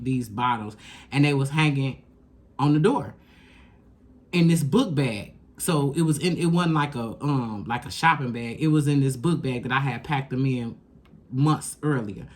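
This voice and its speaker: Emphatic slangy woman tarot reader. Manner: emphatic, slangy and profane, coaching the listener directly; swings between loud high bursts and low quiet asides. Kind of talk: casual spoken tarot reading.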